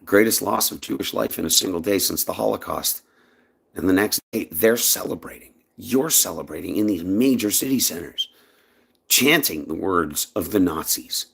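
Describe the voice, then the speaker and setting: A man's voice: moderate pace, vocal fry, husky. A man from Canada giving an impassioned personal monologue in his own vlog, speaking emphatically. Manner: emphatic, impassioned, lively swings in pitch. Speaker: vlogger.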